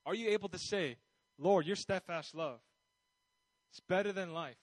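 A man's voice: sits high, moderate pace, dry recording, rough recording. A man preaching a sermon in a conversational way, often restarting his sentences and checking in with his listeners. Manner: conversational, with many restarts and asides. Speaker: pastor.

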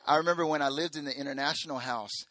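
A young man preaches in a loose, joking storytelling way, jumping into squeaky voices whenever he quotes someone. His tone is bright and forceful. The recording is close and dry, with no room sound. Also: fast, no echo. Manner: animated, jokey, acts out quotes in high voices. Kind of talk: sermon storytelling.

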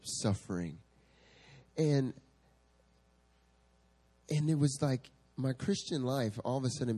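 Husky-voiced man preaching an animated sermon. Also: mid-range voice. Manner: animated storytelling, laughs often. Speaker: pastor. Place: church service.

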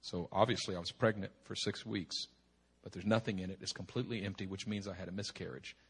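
A male pastor telling a personal story in a sermon, animated and self-deprecating. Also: deep voice, quick pace, breathy edge. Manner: animated, self-deprecating, chuckles between phrases.

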